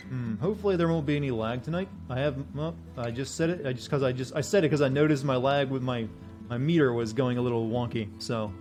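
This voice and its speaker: Brief: deadpan male streamer, casual chat, mid pitch. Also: fast, faint music behind. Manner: flat deadpan voice. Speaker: game streamer.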